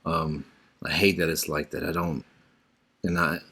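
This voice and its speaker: A man with a very deep voice hosts a casual podcast interview. He speaks haltingly and cautiously, padding his questions with fillers. His voice is close to the microphone. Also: level tone, gravelly, pushed and bright, slightly rough. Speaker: podcast host.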